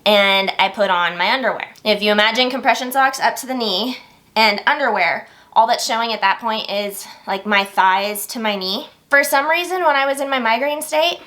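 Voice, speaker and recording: A woman vlogger telling stories to the camera in a casual, animated, expressive way. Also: on the high side, moderate pace.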